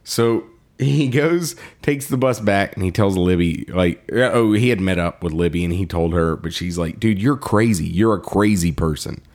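A man with a lowish voice chats casually as a podcast co-host, recapping a story. He keeps breaking into laughter and slips into quick little voices for each character's lines. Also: darkish tone. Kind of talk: casual chat retelling a story.

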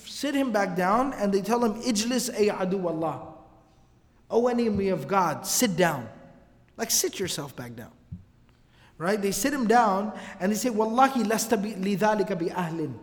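A man giving a casual religious lecture, telling the story in an animated way with slangy asides. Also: high voice. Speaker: religious teacher. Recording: long hall reverb.

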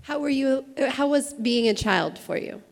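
A man's voice: very high voice, lively intonation, normal speed, creaky. A man in the audience asking a question hesitantly, rephrasing it several times. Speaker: audience member. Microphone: far from the mic. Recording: distant voice in an echoey hall.

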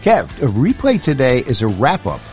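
A man's voice: medium pitch, huge pitch swings, moderate pace, a little mellow, soft background music. A man hosting a talk show, asking short prompting questions in a conversational way. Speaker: host.

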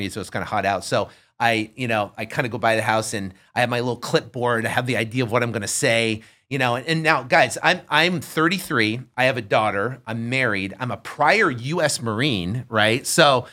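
An animated man telling a story in a casual interview, and his voice has a bright, forward ring. He keeps the tone conversational and acts out the quotes as he goes. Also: lowish voice. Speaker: real estate investor guest.

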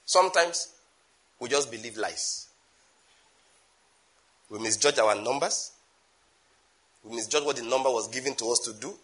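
Forceful Nigerian man preaching. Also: mid-range voice. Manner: emphatic, with sudden loud rising bursts and asides in Nigerian Pidgin. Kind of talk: sermon.

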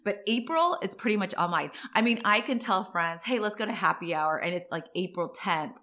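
Chatty woman in her forties, bright voice. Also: medium pitch, lively intonation, a little fast. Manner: chatty, rambling, with tangents. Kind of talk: casual personal storytelling.

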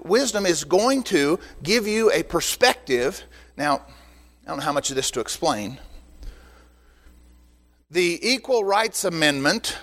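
Older male pastor, high-pitched, animated teaching sermon in a reverberant hall. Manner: animated, joking asides to the congregation. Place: church sanctuary. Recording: long reverb in a church hall.

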